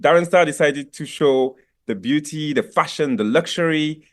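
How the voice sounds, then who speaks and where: A man's voice: fairly high pitch, moderate pace. A young man from France with a French accent, a guest actor talking over a video call in a radio interview, thoughtful and full of fillers and restarts.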